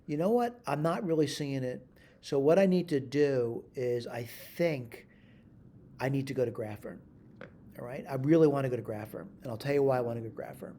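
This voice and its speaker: A man with a mellow, dark voice walks through a math problem on screen. He thinks aloud and corrects himself as he goes, checking in with "all right?", with a middling pitch. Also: fairly quick. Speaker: math instructor. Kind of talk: screen-recorded math tutorial.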